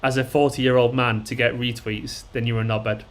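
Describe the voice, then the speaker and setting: A man's voice: mid-range voice, level tone, normal speed. Sweary chatty man. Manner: chatty, blunt, sweary, rambling with fillers. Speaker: fan channel host. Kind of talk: casual live-stream chat.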